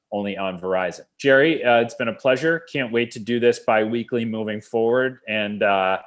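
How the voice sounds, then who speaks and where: A man hosting a casual sports podcast, reading a quick sponsor note and wrapping up. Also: on the low side. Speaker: podcast host. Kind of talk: casual chat and ad read.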